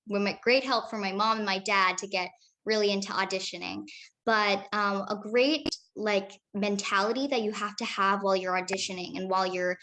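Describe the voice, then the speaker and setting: Chatty upbeat young actress. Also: female voice, medium pitch, sharp tone. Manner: chatty, upbeat, with many fillers. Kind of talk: casual interview answers.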